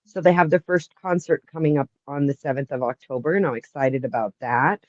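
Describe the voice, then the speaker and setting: A woman's voice: low voice, fairly quick, dry recording. Female guest, forties, proud and talkative, dull dry call audio. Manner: warm, proud, chatty. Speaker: guest on the stream. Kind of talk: casual live-stream chat.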